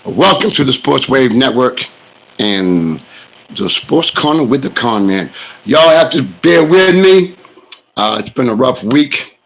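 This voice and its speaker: Middle-aged New man, hoarse and gravelly, rambling sports host monologue. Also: medium pitch, very animated, a little slow, a bit bright, poor audio. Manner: rambling storyteller, talks smack. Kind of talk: casual monologue.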